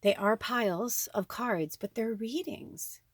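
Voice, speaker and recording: A woman's voice: fairly high pitch, slow pace, slightly rough, no room sound. A woman giving a tarot reading in a rambling, chatty way, swearing casually now and then. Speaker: tarot card reader. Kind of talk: casual spiritual chat.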